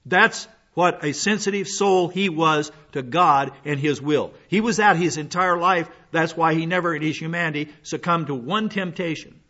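A man's voice: on the high side, normal speed, few pauses, pushed and bright. An older man preaching a sermon as a pastor, in a folksy, rambling way with many fillers and restarts. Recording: dull lo-fi sound.

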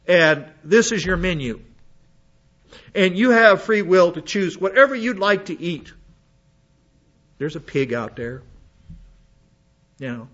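A man's voice: on the high side, fairly bright tone, highs cut off. A man preaching a Bible lesson, reading passages and breaking off into conversational asides to his listeners. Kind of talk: Bible teaching sermon.

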